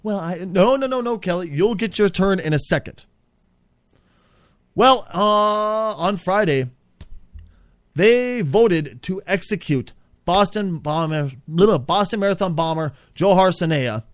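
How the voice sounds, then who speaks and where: High-voiced guy hosting a comedy show, swearing and ranting, super dry sound. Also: animated, slow pace, dry recording. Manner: profane, exasperated, rambling. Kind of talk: improvised comedy rant.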